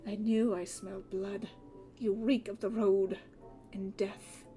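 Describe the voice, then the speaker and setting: A woman's voice: medium pitch, little pitch movement, takes it slowly, warm tone, soft background music, lightly acted. A woman voicing a sly, flirtatious male monster from a visual novel, silky and languid. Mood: menacing.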